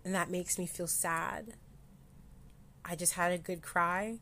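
Candid woman podcasting, halting speech. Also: on the low side, steady tone, sharp tone, a little hiss or hum. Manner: candid, self-deprecating, halting with fillers and restarts. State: close to tears at times. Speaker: podcast host. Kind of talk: personal mental health podcast.

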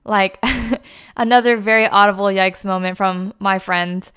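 Young woman, movie review vlogger, chatty and filler-heavy, smooth clear voice. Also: mid-range voice, fairly even intonation, normal speed, a bit bright. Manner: chatty, many fillers like "like" and "you know". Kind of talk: casual movie review vlog.

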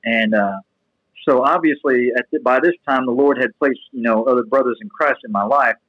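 A young man telling a personal story in a casual, rambling way, full of restarts and fillers, then getting animated as it builds. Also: mid-range voice, normal speed, no room sound, lo-fi sound. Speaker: guest sharing testimony.

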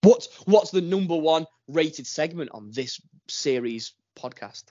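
A man's voice: on the high side, animated, unhurried, dark tone, lo-fi sound. A man co-hosting a podcast with casual, teasing banter. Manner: teasing, playful. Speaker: podcast co-host.

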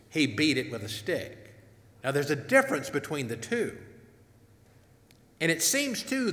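A preacher with a medium-pitched, pushed and bright voice delivers a sermon on a wireless mic in a church hall. He reads scripture aloud and earnestly puts questions to his congregation, and the echoey hall gives a long reverb.

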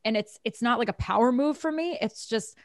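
A woman with a fairly high voice chats casually in a group, animated and quick to laugh. She acts out quotes as she talks. The sound is dry and close. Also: dry recording.

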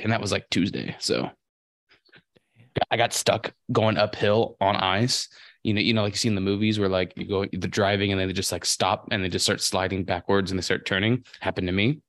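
A man's voice: low-pitched, brisk, a bit bright, no echo, clean studio sound. A young man from California co-hosting a podcast, telling long rambling stories and swearing freely. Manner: rambling storyteller, heavy swearing. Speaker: podcast co-host. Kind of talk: casual podcast chat.

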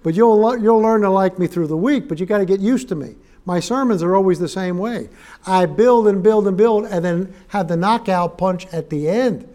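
Folksy man preaching, bright high voice, joking asides, emphatic scripture. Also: normal speed. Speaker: guest preacher. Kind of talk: sermon. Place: church sanctuary.

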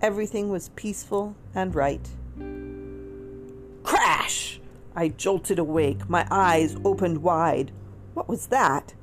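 Lady reading a kids story out loud, lowish voice, guitar music in background. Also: slow pace, pauses often. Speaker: storybook reader. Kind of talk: reading a children's story aloud. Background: soft guitar music.

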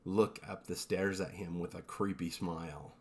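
A man co-hosting a podcast, telling eerie stories in a relaxed, rambling way with lots of fillers. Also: low voice, moderate pace. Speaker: podcast co-host. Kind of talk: casual storytelling chat.

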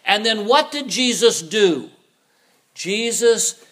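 A man's voice: extremely high pitch, measured pace, fairly bright tone. A middle-aged man preaching a sermon, asking rhetorical questions and acting out the voices of the people he quotes. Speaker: pastor.

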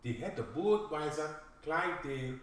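An actor playing a brash young African prince with a Southern accent, talking in profane, boastful, rambling slang in a comedy interview sketch. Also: male voice, a little high, lively intonation, normal speed, a bit bright. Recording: echoey room, distant mic, faint ambience.

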